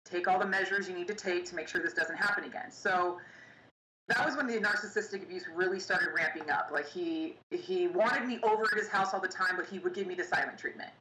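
A young woman telling her own painful story in an interview, halting and pausing often. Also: on the low side, sharp tone, slight background noise. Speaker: interview guest. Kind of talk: personal storytelling. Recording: echoey room with faint ambience.

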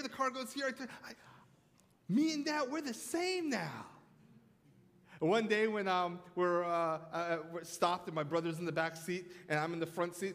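High-voiced preacher in a reverberant hall. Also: male voice, fairly bright tone. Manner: storytelling preacher, calls for amens. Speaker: pastor. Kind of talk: sermon.

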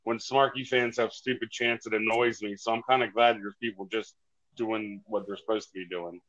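A man's voice: fairly low pitch, fairly even intonation, normal speed, a bit bright, no room sound. Laid-back podcast guy on a muffled line. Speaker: podcast co-host. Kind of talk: casual podcast chat. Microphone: headphones on an online call. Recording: dull, dry lo-fi call audio.

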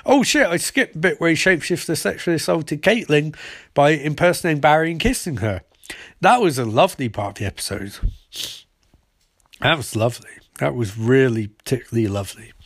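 A man's voice: fairly high pitch, expressive, a little fast, fairly bright tone, husky, no echo, clean studio sound. Sarcastic man recapping a TV episode. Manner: sarcastic, profane, rambling. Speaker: TV episode reviewer.

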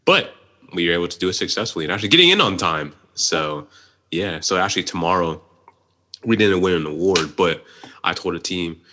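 A man from the Pittsburgh area, a podcast guest chatting casually and quickly, running his words together. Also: low-pitched, lively intonation, sharp tone. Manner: talks fast, runs words together. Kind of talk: casual chat.

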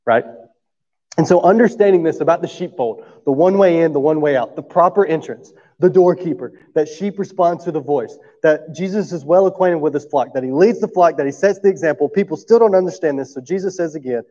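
A man with a warm, slightly high voice preaches at a fairly quick pace in a church sanctuary. His sermon is easy and conversational, with frequent "right?" check-ins and occasional coughs, and the audio is dull with a long hall reverb.

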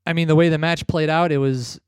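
A man's voice: a little high, steady tone, brisk, smooth, dry recording, studio quality. A man hosting a wrestling podcast in casual chat, laid-back, laughing and swearing now and then. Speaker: podcast host.

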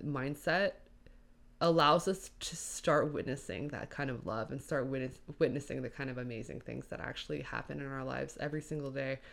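A woman's voice: deep voice, creaky. A young woman hosting her own podcast, rambling through a solo monologue with many fillers, tired but upbeat. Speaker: podcast host.

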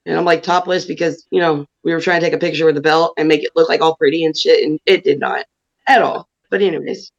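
A woman's voice: deep voice, steady tone, quick pace, gravelly. A woman guest on a podcast telling crude, blunt anecdotes with a laugh in her voice. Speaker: guest wrestler. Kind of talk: casual podcast storytelling. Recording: dull lo-fi sound.

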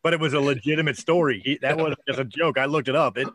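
A man's voice: medium pitch, fast talker, a bit bright, dry recording. A man co-hosting a casual comedy podcast, cracking crude jokes and swearing freely. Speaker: podcast co-host.

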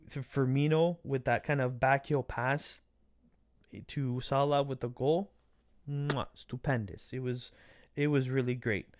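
A man hosts a football recap vlog, talking casually and swearing freely. His delivery is animated, swinging between loud rants and quieter asides. The sound is dry and close, with no room echo. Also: medium pitch.

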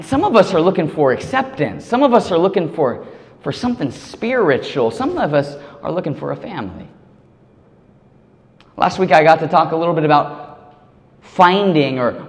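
Guy preaching casual, kinda high voice, tells stories w slang, long echo in a big hall. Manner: casual, animated storytelling with slang. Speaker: youth pastor. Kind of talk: sermon storytelling.

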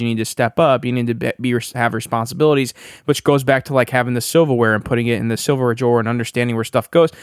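A man's voice: medium pitch, clean tone, dry recording, clean studio sound. A man in his thirties co-hosting a casual podcast, easygoing and agreeable, laughing often. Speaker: podcast co-host.

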